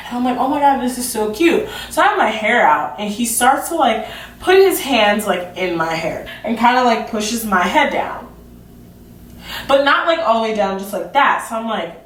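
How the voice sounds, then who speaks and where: A woman's voice: mid-range voice, slight background noise. A young woman telling a storytime vlog in a chatty, goofy way, full of "like". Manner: chatty, filler-heavy 'like'; self-described awkward and goofy. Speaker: vlogger. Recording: roomy sound from a distant mic.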